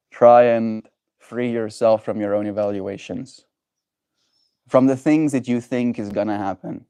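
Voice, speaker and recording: A man hosting a livestream, chatting with viewers and musing slowly and gently about emotions. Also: on the low side, clear, resonant tone, no room sound. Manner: gentle, musing, thoughtful pauses. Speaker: livestream host. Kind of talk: reflective livestream chat.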